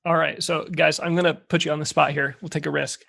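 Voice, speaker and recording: A man hosting a casual podcast conversation, questioning his guests in a playful, animated way. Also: fairly high pitch, quick pace, creaky. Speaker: podcast host.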